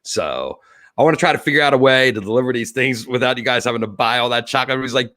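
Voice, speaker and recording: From home, a livestream host closes out his casual show while choked up and crying a little, rambling with many fillers and restarts. His voice is medium-pitched and a bit bright, with lively intonation and a quick pace. It's studio quality, without echo.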